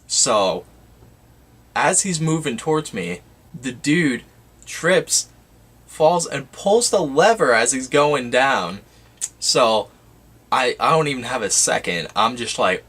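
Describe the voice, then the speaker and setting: Bright, low-voiced young man telling a story. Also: lively intonation, measured pace, breathy edge. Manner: casual, dramatic, full of "like" and "you know". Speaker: YouTuber. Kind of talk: story time vlog.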